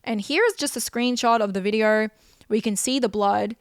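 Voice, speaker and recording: A woman's voice: fairly high pitch, moderate pace, no echo, clean studio sound. A young woman, hosting a podcast and telling a personal story in an emotional, rambling way full of repeated phrases. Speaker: podcast host.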